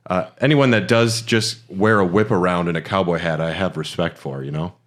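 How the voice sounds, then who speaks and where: A male podcast co-host rambles through a casual conversation about games, full of fillers and false starts. He speaks at a moderate pace in a low-pitched voice.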